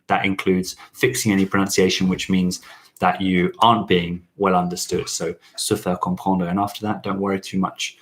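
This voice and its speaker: A man hosting a relaxed question-and-answer chat about learning French, rambling with many fillers and restarts. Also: sits low. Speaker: channel host teaching French.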